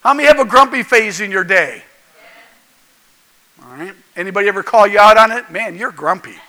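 A man's voice: sits high, a little fast, sharp tone, poor audio. A male pastor preaching a folksy, jokey sermon that keeps asking the congregation questions.

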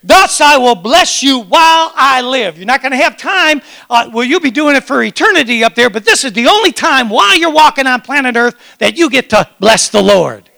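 A man who is a pastor, preaching an animated sermon and calling on his congregation to respond. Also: very high voice, fairly quick, creaky. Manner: animated, excitable preaching with audience call-and-response.

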